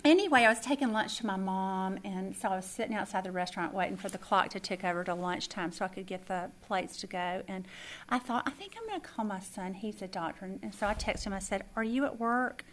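A middle-aged woman teaching a faith lesson, telling a personal story with lively acted-out dialogue. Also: medium pitch, brisk. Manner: animated storyteller who acts out quoted dialogue. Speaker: Bible study teacher.

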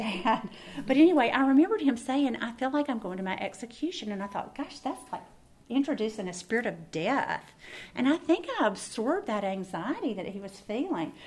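Lady preaching, middle-aged, chatty and folksy, talks right to the room. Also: medium pitch. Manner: folksy, warm address to the room. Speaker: women's Bible teacher. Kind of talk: sermon.

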